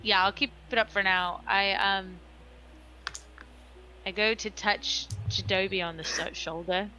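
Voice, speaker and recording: A woman taking part in a tabletop role-playing session, narrating her character's moves with many pauses and fillers as she thinks aloud. Her voice is bright and mid-pitched, with a faint hum in the background. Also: fairly even intonation, low-quality recording. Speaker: player.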